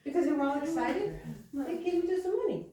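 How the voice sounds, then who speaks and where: A woman preaching a sermon, telling stories in a chatty way and slowing down to stress key lines. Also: extremely high pitch, mellow. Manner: chatty storytelling with slow emphatic lines. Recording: echoey hall from far off, faint hiss.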